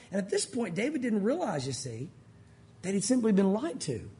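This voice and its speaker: A man's voice: high-pitched, normal speed. Guy preaching, voice swings way up and down, jokey and folksy. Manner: animated, joking, folksy asides. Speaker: pastor. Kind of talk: sermon.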